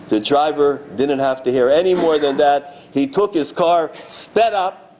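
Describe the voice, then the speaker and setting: A rabbi giving a dramatic storytelling sermon at a synagogue gala. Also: male voice, fairly high pitch, a little hiss or hum. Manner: animated, dramatic preacher.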